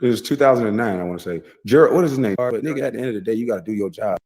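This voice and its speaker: A man's voice: on the low side, rapid-fire, a little mellow. A man, heard in a played clip, casually telling boastful, rambling stories with heavy profanity. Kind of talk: casual storytelling.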